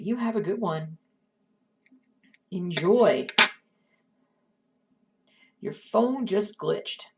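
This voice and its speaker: A woman's voice: mid-range voice, gravelly, a little mellow, recorded from a distance. A woman chatting casually with her live-stream viewers while she cross-stitches, often muttering to herself as she works. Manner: chatty, talks to herself and chat while working.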